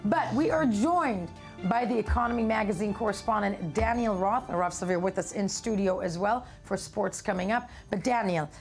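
A woman's voice: mid-range voice, moderate pace, faint music behind. A woman news anchor in a television studio, chatting with quippy, exclamatory reactions. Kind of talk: casual studio banter.

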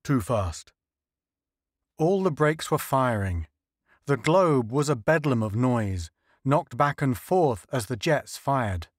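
Measured male audiobook narrator. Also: medium pitch, animated, no room sound, studio quality. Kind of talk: scripted narration.

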